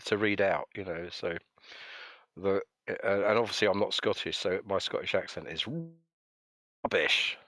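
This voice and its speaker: Dry, low-voiced man hosting a call. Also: steady tone, normal speed, bright, forceful tone, no echo. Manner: jokey, rambling, reads chat comments aloud. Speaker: live stream host. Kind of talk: casual chat on a voice call.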